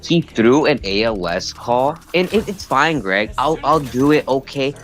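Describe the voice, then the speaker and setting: A man who works as an EMT, venting in casual podcast chat, animated and swearing, full of "dude" and "bro". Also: medium pitch, measured pace.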